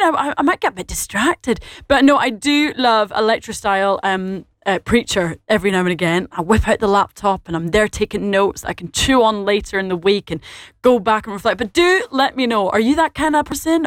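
A woman's voice: mid-range voice, no room sound, studio quality. A young woman with a Scottish accent presenting a live radio show, bubbly and enthusiastic as she talks straight to her listeners. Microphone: studio microphone.

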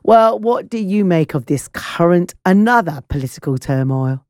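A woman's voice: fairly low pitch, animated, normal speed, a little mellow, no echo, clean studio sound. A woman hosting a live radio talk show, talking in a conversational way with fillers and restarts. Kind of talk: live radio current-affairs interview.

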